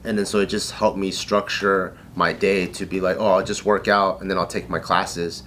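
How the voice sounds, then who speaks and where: A man's voice: sits low, little pitch movement, moderate pace, fairly bright tone, a little hiss or hum. Profane laughing man telling a story. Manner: profane, laughing storyteller acting out drill instructors. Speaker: podcast co-host telling a story. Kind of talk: casual chat.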